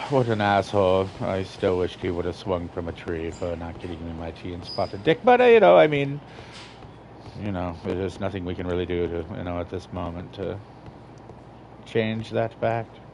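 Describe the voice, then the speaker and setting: A man's voice: deep voice, expressive, moderate pace, a little mellow, a little hiss or hum. A man casually commenting over a video game, ranting in an incredulous, profane way. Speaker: gamer streamer.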